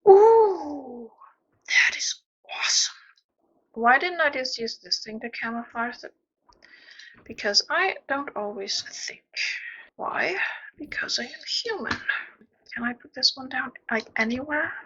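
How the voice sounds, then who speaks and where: A woman's voice: fairly high pitch, expressive, a little slow, sharp tone, husky, lo-fi sound. A woman chatting casually as she plays a zoo-building game, talking to the animals, making playful sound effects and muttering half-whispered asides. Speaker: gameplay streamer building a zoo. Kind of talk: casual commentary while playing.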